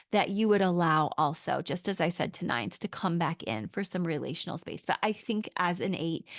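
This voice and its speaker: Podcast host: woman, lively and expressive, casual advice talk, dry close sound. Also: fairly low pitch, dry recording. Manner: animated and expressive.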